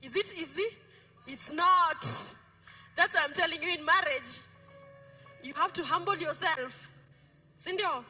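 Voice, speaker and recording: A middle-aged Kenyan woman pastor preaches in a high, very bright voice. She is playful and keeps asking her congregation questions. Soft music plays under her. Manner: playful, code-switching, asks the congregation questions. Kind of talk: lively sermon. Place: church.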